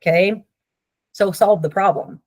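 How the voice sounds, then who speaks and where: A woman therapist with a mid-range, somewhat dark voice teaches at an unhurried pace in a dry recording. Her style is casual and conversational, with frequent "Okay?" check-ins, and she playfully acts out the people she quotes.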